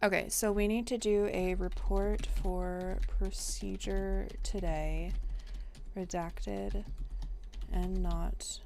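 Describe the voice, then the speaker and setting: A young adult woman streaming, chatting casually and playfully to her viewers with sudden excited outbursts. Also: mid-range voice, takes it slowly, vocal fry, slight background noise.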